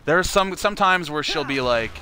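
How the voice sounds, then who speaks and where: A man's voice: on the high side, expressive, moderate pace, sharp tone, slight background noise. Joking, profane young man streaming. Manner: joking, profane, self-mocking. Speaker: livestreamer. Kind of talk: casual chat on a charity stream.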